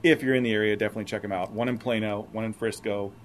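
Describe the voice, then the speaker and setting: A man hosting a casual podcast, relaxed and rambling. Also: fairly low pitch, racing. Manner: relaxed, rambling, laughs often. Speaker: podcast host. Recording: faint background noise.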